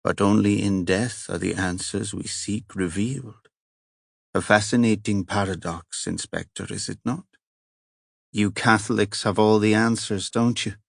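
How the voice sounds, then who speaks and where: A narrator puts on a grave Italian monk, a man at ease with his power, with a heavy Italian accent. He talks slowly and solemnly in a lowish voice, in the dry, close sound of an audiobook recording. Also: fairly even intonation, creaky, dry recording. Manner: slow, solemn and measured.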